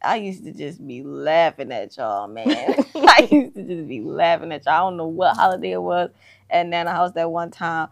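A woman's voice: fairly low pitch, expressive, normal speed, gravelly. A young woman, chatting casually as co-host and telling stories animatedly, laughing often. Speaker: co-host, daughter. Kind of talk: casual chat.

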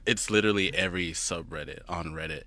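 A man who is a stage actor, talking as a podcast guest in relaxed casual chat. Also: deep voice, fast, creaky, no echo.

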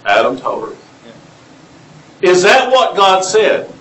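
A man's voice: sits high, very animated, slow pace, a bit bright. A man with a Southern US accent preaching a sermon, reading scripture aloud and asking the congregation questions. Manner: asks the room questions and reads scripture aloud. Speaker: pastor. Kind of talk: interactive sermon. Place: church sanctuary. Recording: echoey church room.

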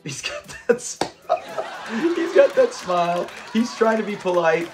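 A man from Southern California casually recapping a sitcom episode, chatty and quick to laugh as he acts out the lines. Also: high-pitched, expressive, over music. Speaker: host of a sitcom review channel.

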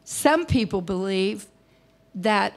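A woman's voice: mid-range voice, animated, slow pace. A woman in her sixties preaching an evening sermon in a folksy, emphatic way, acting out the voices she quotes.

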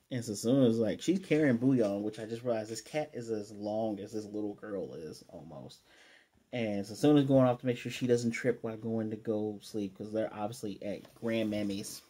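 A man's voice: mid-range voice, mellow. A man casually recapping an anime episode, rambling and chatty, often restarting and acting out quoted lines. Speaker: anime reviewer.

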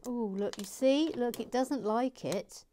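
A woman's voice: fairly high pitch, measured pace, dark tone, slight background noise. A woman hosting a building stream, chatting casually and with self-mockery as she reads viewer comments, often dropping to a whisper while she concentrates.

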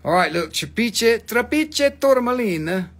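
An excitable gem seller with broken English gushes over his stones in a squeaky, over-the-top voice, as a man puts him on. The tone is gravelly and theatrical, and every sentence is hammed up. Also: measured pace, heavily acted. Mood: hamming. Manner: high, exaggerated, theatrical.

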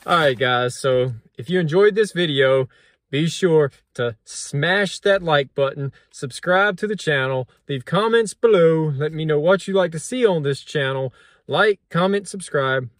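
A man narrating a casual toy-hunting vlog, chatty and sarcastic, with loud mock-excited stretches. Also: a little high, a little slow, no echo. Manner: loud, animated outro.

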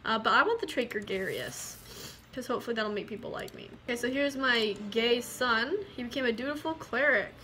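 A woman's voice: fairly high pitch, animated, a little fast, bright, forceful tone, slight background noise. A woman giving casual gameplay commentary, chatty, swearing freely and reading game text aloud. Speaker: gaming video creator.

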